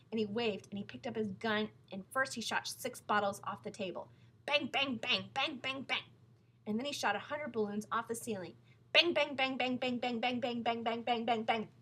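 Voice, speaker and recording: Female storyteller, playful read-aloud, bright tone. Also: fairly high pitch, slight background noise, low-quality recording. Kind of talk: reading a children's book aloud.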